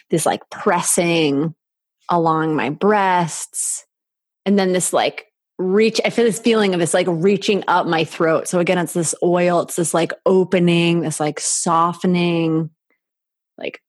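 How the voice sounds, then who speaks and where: Female podcast guest, lowish voice, slow halting soft delivery, dry close-miked sound. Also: no echo. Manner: slow, halting, soft, with many filler likes. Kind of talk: intimate conversational interview.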